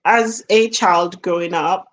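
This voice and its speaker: A woman's voice: fairly low pitch, steady tone. Jamaican lady vlogging, middle-aged, takes her time, stops and restarts, laughs at herself. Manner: slow and musing, trails off and restarts, laughs at herself. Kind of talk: casual reflective monologue.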